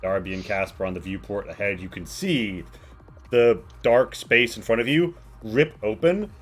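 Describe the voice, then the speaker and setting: A man's voice: on the low side, moderate pace, soft background music. A man narrating as game master of a tabletop game, rambling with many fillers.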